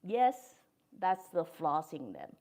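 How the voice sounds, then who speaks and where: A woman hosting her own podcast, talking through a reflective monologue in a gentle, thoughtful way, speaking English with non-native grammar. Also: low-pitched, wildly swooping pitch, takes it slowly. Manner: gentle, thoughtful, with soft laughs. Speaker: podcast host.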